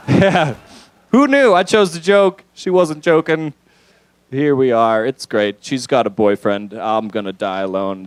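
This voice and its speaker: A man's voice: on the high side, dry recording, low-quality recording. Rambling young man doing stand-up. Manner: loose, rambling delivery with frequent fillers and crude asides. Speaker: stand-up comedian. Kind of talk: stand-up comedy set. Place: comedy club stage.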